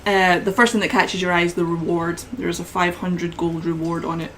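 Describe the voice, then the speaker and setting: Female game master, low voice, descriptive, unhurried, restarts. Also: level tone, slight background noise, low-quality recording. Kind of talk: narrating a tabletop game.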